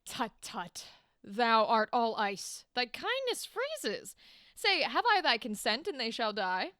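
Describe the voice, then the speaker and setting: A woman reading a scheming male king's lines aloud from a play, slow and deliberate. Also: a little high, big pitch swings, sharp tone, no echo, studio quality, exaggerated voice. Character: scheming male king plotting murders.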